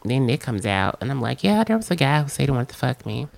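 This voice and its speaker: Gravelly woman telling stories. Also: a bass voice, fast talker, no echo. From Alabama, USA. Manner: animated storytelling, acts out quotes. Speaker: podcast co-host. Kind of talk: casual chat.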